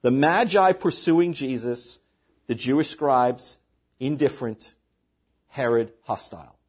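A man's voice: mid-range voice, measured pace, a little mellow, husky. A man preaching a sermon as pastor, reading scripture aloud and breaking in with short asides to the congregation.

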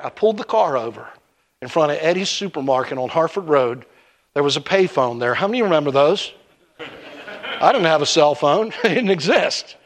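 Middle-aged male preacher, high-pitched, lively storytelling sermon. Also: fairly quick. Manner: animated storytelling with acted-out voices.

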